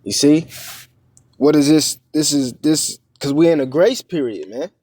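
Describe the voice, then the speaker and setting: A man's voice: on the high side, expressive, a little mellow, dry recording. Man preaching in a dry, close voice. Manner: conversational, checks in with frequent "all right?" and "man"; halting, with many fillers and restarts. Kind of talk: informal scripture teaching.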